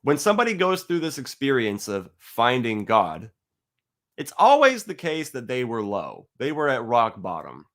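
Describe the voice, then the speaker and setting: A man giving a heated, profane monologue to his viewers, blunt and argumentative, sometimes reading a passage aloud slowly. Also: medium pitch, huge pitch swings, a bit bright. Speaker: atheist video host. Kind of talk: ranting monologue to camera.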